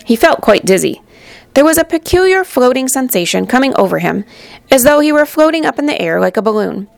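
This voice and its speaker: Female storybook narrator; expressive, gravelly, higher register, dry close sound. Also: brisk, no echo. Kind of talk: storybook reading aloud.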